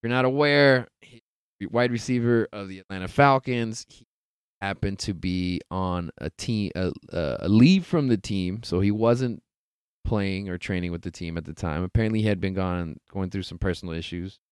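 A man's voice: low-pitched, normal speed, clear, resonant tone, no echo. A young man hosting a podcast, chatting casually about sports news in a laid-back, rambling way with lots of swearing. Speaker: podcast host.

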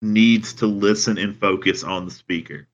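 A man with a Southern American accent, chatting casually as a podcast co-host and telling things in a dry, deadpan way. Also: on the low side. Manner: dry, deadpan storytelling with drawn-out phrases. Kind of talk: casual chat. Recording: dull lo-fi sound.

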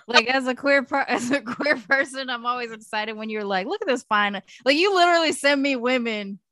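A woman's voice: a little high, normal speed, sharp tone, dry recording, studio quality. A woman co-hosting a podcast in casual chat, teasing and laughing often, playfully blunt.

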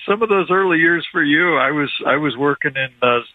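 A man's voice: a little high, dry recording. Earnest man in his sixties on a tinny phone line. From Indiana. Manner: measured, earnest, frequent "uh" pauses. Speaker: guest, former politician. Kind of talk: phone-in radio interview.

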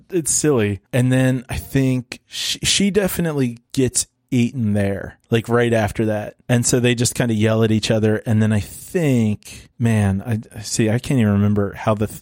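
A man chats loosely about a movie he saw, chuckling as he goes. He bounces into a higher voice when he quotes people. The sound is close and dry with no room around it. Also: dry recording. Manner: animated, laughs often, acts out quotes in a higher voice. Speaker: podcast co-host. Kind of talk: casual chat recapping a movie.

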